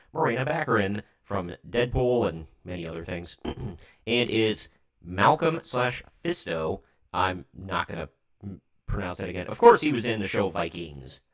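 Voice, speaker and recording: A deep-voiced man from Ohio, in his thirties, chatting loosely through a livestream. He wanders off on tangents and corrects himself as he goes, talking into a desk mic. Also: animated, normal speed. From Ohio, United States. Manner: rambling, chatty, self-correcting. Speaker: livestream host. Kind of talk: casual livestream chat.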